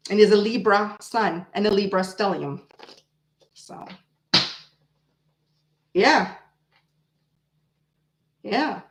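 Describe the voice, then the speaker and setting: A woman in her forties hosting a casual tarot livestream, chatting with viewers in an animated, blunt way, swearing freely and laughing often. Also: medium pitch, rough recording. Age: 40s. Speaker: tarot reader host.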